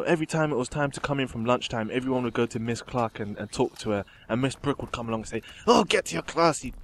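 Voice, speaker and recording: A man's voice: medium pitch, a little hiss or hum. A young man chatting casually and giggling while commenting over gameplay. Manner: chatty, giggly, rambling with fillers. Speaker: gaming commentator.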